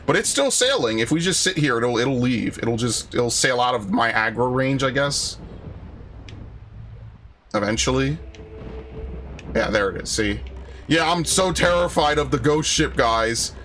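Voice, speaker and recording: Over faint game music, a young man streams a game and talks casually, rambling, sarcastic, swearing often and sharing anecdotes. His medium-pitched voice is animated, unhurried and fairly bright, with long pauses and a little hiss or hum.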